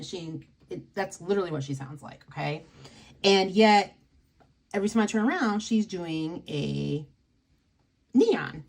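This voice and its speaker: A woman's voice: on the low side, moderate pace, darkish tone. A woman hosting a casual livestream, chatty and rambling with many fillers. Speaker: nail polish livestream host.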